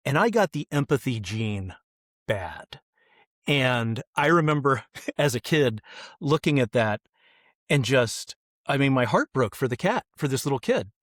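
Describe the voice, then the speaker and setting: A middle-aged man on a podcast, telling stories in an animated way and acting out the voices of the people in them. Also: mid-range voice, moderate pace, no echo, clean studio sound. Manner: animated, acts out quoted voices. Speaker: kids ministry guest. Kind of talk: podcast interview storytelling.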